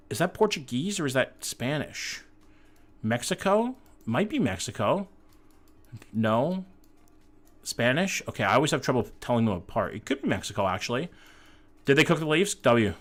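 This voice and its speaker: This mid-range-voiced man is livestreaming a map-guessing game, chatting casually and reading out messages from his viewers. He cracks jokes and swears without restraint, alternating calm guessing with sudden bursts of excited hype.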